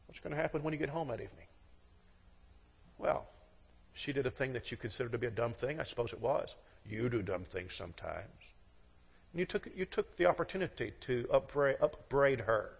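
A man's voice: mid-range voice, expressive, normal speed, vocal fry, pauses often, slightly rough. A man giving a sermon to a congregation, telling folksy stories and acting out the voices of the people in them. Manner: folksy storytelling, acts out quoted voices. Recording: long hall reverb.

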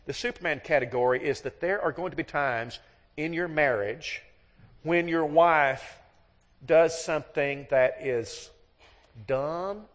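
A man's voice: a little high, a little slow. A middle-aged man gives a sermon on marriage in a slightly raised voice. He tells homely stories and plays every part in them himself. His words ring with the long reverb of a large hall. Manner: folksy storytelling, acts out both sides of dialogues. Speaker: preacher.

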